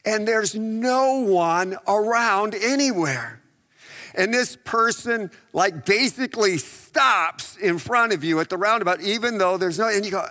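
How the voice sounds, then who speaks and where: A male pastor preaching in a casual, conversational way, tossing out rhetorical questions and acting out what people say. His voice is fairly high and bright. It rings through a large, reverberant hall. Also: expressive, measured pace. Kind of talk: sermon.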